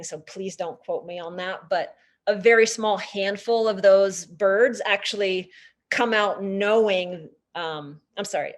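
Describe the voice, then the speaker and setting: A woman teaching a nature class through a lively story. Her talk is chatty and animated, full of casual fillers. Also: mid-range voice. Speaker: nature educator. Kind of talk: storytelling lecture.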